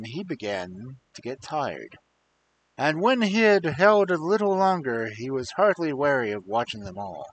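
A man storyteller reading an old folk tale live, with an animated, sing-song delivery that climbs and dips. His voice sits a little high, and he breaks off for dry, wry remarks. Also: slight background noise, low-quality recording. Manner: expressive, dry wry asides.

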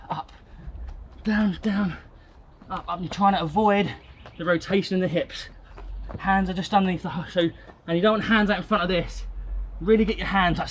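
A man's voice: high-pitched, a little hiss or hum. A man with a British accent, out of breath, coaching a home workout and calling out moves with energy. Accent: British English. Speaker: fitness coach. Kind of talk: workout instruction.

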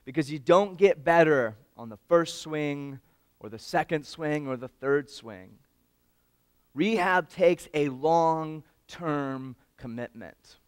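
A man giving a storytelling speech at an awards event, animated and swinging between loud and hushed moments, talking straight to the audience. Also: on the high side, clean tone, dry recording, studio quality. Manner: addresses the audience directly.

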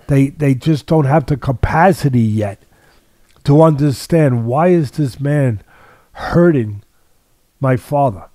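Older man, dark voice, emphatic boxing talk. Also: mid-range voice, takes it slowly, dry recording. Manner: repetitive, emphatic, restarts sentences. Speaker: boxing trainer and podcast host. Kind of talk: casual sports talk.

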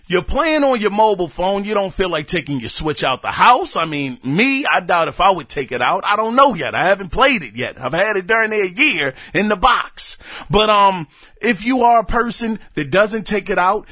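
Animated man hosting a gaming podcast. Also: sits high, normal speed, breathy edge, no room sound, studio quality. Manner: animated, slangy, talks straight to listeners. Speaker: podcast host. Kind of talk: casual solo podcast commentary.

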